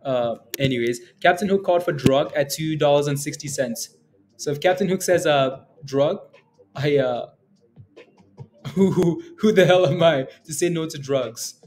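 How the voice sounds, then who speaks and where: A man's voice: on the high side, normal speed, a little mellow. A man hosting a day-trading livestream, rambling casually with many fillers and short laughs as he reads the chat. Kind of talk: casual live-stream commentary.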